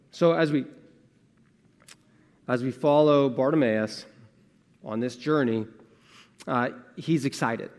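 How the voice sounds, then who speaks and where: A man preaching a sermon as pastor, earnest and conversational, moving between emphatic lines and hushed asides and posing rhetorical questions. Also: medium pitch, slow, pauses often. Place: church sanctuary. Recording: long church reverb.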